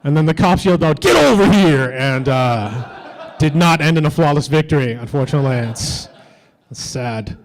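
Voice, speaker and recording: A man's voice: mid-range voice, normal speed, low-quality recording. A man doing a stand-up comedy set on a convention stage, with edgy, teasing banter toward the crowd.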